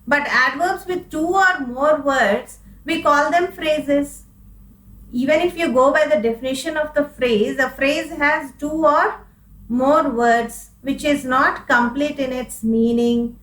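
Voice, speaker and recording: A woman's voice: high-pitched, a bit bright, far from the mic. A woman English teacher with an Indian English accent, explaining a grammar lesson patiently and asking and answering her own questions. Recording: echoey room, voice from off-mic.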